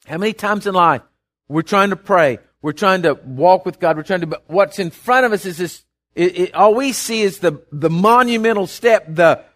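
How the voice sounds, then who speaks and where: An older pastor preaches into a stage mic in a church, his voice a bit strained and pitched somewhat high. He talks in a folksy, homey way and breaks out in loud calls now and then. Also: moderate pace. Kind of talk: sermon. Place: church sanctuary with monitors and reverb.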